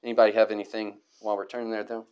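A man's voice: lowish voice, little pitch movement, rapid-fire, darkish tone, clean tone, highs cut off. A man teaching a Bible study class, reading verses aloud and explaining them, with fillers and restarts.

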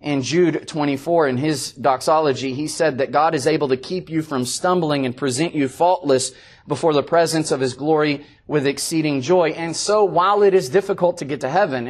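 Male preacher, earnest sermon delivery with repeated emphatic phrases, slightly higher voice. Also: moderate pace. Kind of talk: evening sermon.

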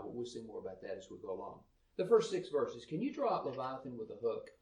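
A man's voice: mid-range voice, a little mellow, reverberant, recorded from a distance, low-quality recording. A man teaching from the Bible, reading verses aloud with rising emphasis and then explaining them. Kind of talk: sermon-style Bible teaching.

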